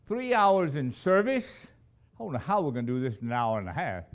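A man preaching a sermon as a missionary, telling stories with dramatic swings between loud emphasis and hushed, low lines. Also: huge pitch swings, normal speed.

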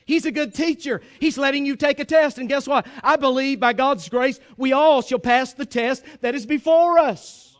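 A man preaching a sermon in an emphatic, pleading way, at times rising to a shout. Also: very high voice, moderate pace, few pauses.

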